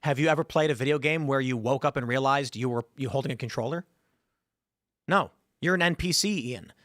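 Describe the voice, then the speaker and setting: A man's voice: mid-range voice, brisk, a bit bright, dry recording, studio quality. A man hosting a podcast, arguing his point in a casual, combative back-and-forth and often cutting in. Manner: argumentative, interrupts. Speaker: show host.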